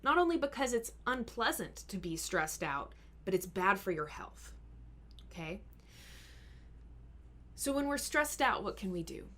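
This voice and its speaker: A woman health coach answering questions in a live Q&A. She talks in an earnest, encouraging way, explains things step by step, and sometimes slows down and softens her voice to show calm speaking. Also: mid-range voice. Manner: sometimes drops to a slow, soft voice to model calm speaking. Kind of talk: live Q&A advice talk.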